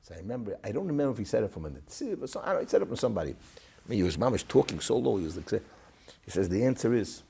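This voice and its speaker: Animated husky man telling a story. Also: low voice. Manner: animated storytelling, swings from loud to hushed. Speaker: guest recalling his father. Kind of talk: storytelling interview.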